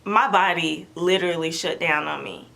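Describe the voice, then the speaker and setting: A woman's voice: on the low side, fairly even intonation, normal speed, gravelly, bright, forceful tone. A young woman vlogger telling her own story in a chatty, dramatic way, acting out what people said. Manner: chatty, dramatic, acts out quotes. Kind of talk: animated storytelling to camera.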